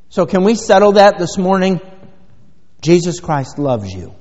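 A man's voice: a little high, expressive, a little slow, a little mellow. A middle-aged man preaching a sermon as a pastor, in a rambling, folksy way with many fillers. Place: church sanctuary. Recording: dull sound with long hall reverb.

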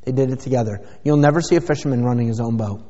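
Warm and mid-range, this male pastor's voice comes rapid-fire as he preaches in the church sanctuary. He presses each point hard with rhetorical questions. Expect dull, lo-fi audio drenched in long church reverb.

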